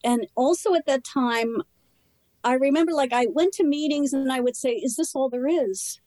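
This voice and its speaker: A woman telling her personal recovery story in conversation, candid and earnest, in short halting phrases. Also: high voice, warm tone, dry recording, rough recording. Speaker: interview guest.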